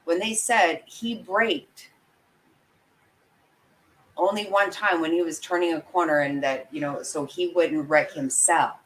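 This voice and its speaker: A woman's voice: fairly low pitch, unhurried, rough recording. A woman ranting on a livestream, her speech blunt and full of swearing. She talks straight to her viewers, emphatic and worked up. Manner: angry, profane, emphatic ranting; talks to viewers and apologizes for the outbursts. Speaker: true crime commentator. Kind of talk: livestream reaction commentary.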